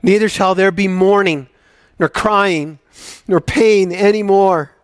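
A man preaches from the pulpit with a fairly high voice. He is openly emotional and swings between loud, excited bursts and soft, hushed moments. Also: slow, clear, resonant tone. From United States. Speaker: pastor. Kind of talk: sermon. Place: church sanctuary.

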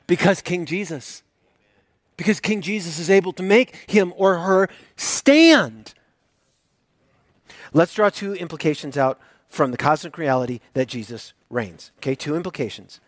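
High-voiced pastor preaching, dry sound. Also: male voice, animated, unhurried, no echo. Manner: conversational, joking, emphatic. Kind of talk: sermon.

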